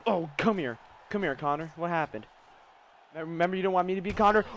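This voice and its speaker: A young man giving live gameplay commentary, trash-talking his opponent, swearing and erupting into shouts. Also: high voice, brisk. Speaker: gaming YouTuber.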